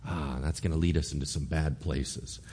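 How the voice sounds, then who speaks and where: A man preaching a sermon, animated, acting out characters' voices and asking rhetorical questions. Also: extremely low pitch, moderate pace. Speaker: pastor.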